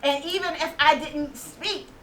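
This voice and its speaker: A woman in her late forties sharing an animated, laughing testimony at a women's conference. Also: high voice, measured pace. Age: 40s. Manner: animated storytelling, laughing and exclaiming. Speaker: inspirational speaker. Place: conference venue with a small audience. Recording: distant mic with faint audience and room noise.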